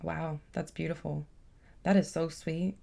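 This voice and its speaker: A woman giving a casual, chatty tarot reading, warm and emotional, with many fillers. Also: low voice, fairly even intonation, a little slow, gravelly. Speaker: tarot reader.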